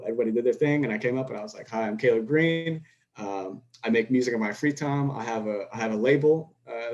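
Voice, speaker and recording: A man's voice: mid-range voice, rough recording. A young man from Houston, a podcast guest, telling stories in a casual, rambling way with lots of restarts and acted-out dialogue. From Houston, Texas. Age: young adult. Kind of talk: casual storytelling chat.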